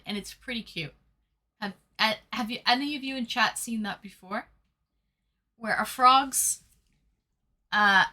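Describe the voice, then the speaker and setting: A woman chatting on a live stream as she reacts to clips, breaking into loud excited exclamations. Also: fairly high pitch. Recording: noisy background.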